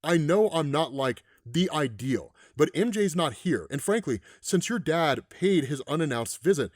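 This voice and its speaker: A well-meaning man who tries to act as a father figure, read out by a male narrator, pleading and earnest. The voice is lively and dry. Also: on the high side, measured pace, no echo.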